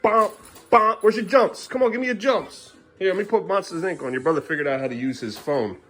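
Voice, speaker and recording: A man's voice: sits high, brisk, a bit bright, soft background music. A man filming his family at home, talking in a sing-song voice to his kids and muttering weary asides. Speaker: parent vlogger. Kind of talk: casual family vlog.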